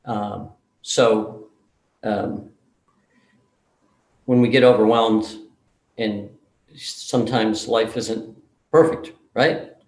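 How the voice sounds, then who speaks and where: A man giving a conference talk, telling a story in an animated way and acting out the dialogue. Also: fairly low pitch, drawn-out words, pauses often. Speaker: conference speaker. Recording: roomy echo.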